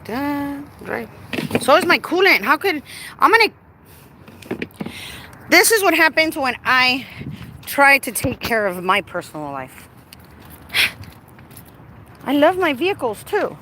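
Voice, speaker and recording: A woman's voice: sits high, very animated, slow pace, long pauses, sharp tone. A woman chatting casually to her viewers while working on her car outdoors, playful and talkative. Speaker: vlogger. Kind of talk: casual live-stream chat. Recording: outdoor recording with clear background noise.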